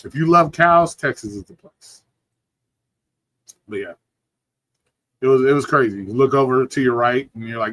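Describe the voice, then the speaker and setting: A man's voice: mid-range voice, normal speed, pauses often, a bit bright, dry recording. A man hosting a livestream, chatting casually from home in a rambling, profane, laid-back way, sounding sleepy. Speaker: livestream host. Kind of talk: casual chat.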